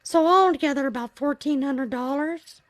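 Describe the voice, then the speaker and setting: A woman with a fairly high voice talks through a personal story on her livestream. She speaks earnestly and reflectively. The sound is dry and close, with no room echo. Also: moderate pace. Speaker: livestream host. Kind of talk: casual storytelling.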